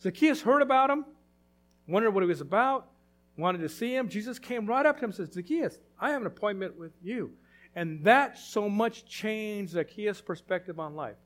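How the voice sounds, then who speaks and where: A man's voice: high-pitched, animated, normal speed, a bit bright. A man preaching a sermon as pastor, emphatic and repetitive, full of rhetorical questions.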